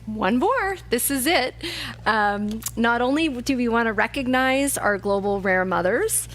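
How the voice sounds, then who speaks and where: A woman's voice: on the high side, animated, unhurried, slight background noise. A woman hosting a charity awards ceremony, speaking in a heartfelt, emotional way. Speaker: charity event host.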